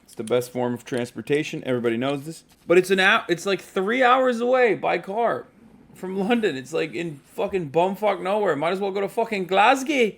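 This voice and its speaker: A man's voice: high voice, animated, normal speed, vocal fry, fairly bright tone. A man livestreaming from a hotel room, chatting casually with rambling, profane jokes.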